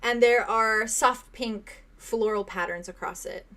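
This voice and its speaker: A woman's voice: fairly high pitch, a little slow, sharp tone. A young woman running a tabletop game as game master, describing a scene in detail with fillers and small laughs.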